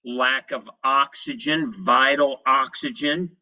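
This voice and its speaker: Bright-voiced man, punchy energetic talk. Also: mid-range voice, slow pace, highs cut off. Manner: energetic storytelling in short punchy phrases. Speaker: presenter. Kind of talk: motivational health presentation.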